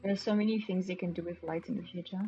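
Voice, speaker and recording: A woman's voice: fairly low pitch, fairly even intonation, fast, dark tone. A woman from Romania, chatting casually on a live stream as she plays, thinking aloud with gasps of delight. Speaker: game streamer. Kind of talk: casual live-stream chat while playing. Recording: dull lo-fi stream audio with faint music.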